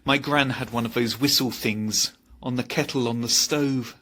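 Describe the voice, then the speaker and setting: A man performing a comic spoken word show, with a slightly husky voice, playful and theatrical, sometimes rapping in rhythm. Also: mid-range voice, fairly even intonation, moderate pace, bright, forceful tone. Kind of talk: spoken word comedy with rapped verses.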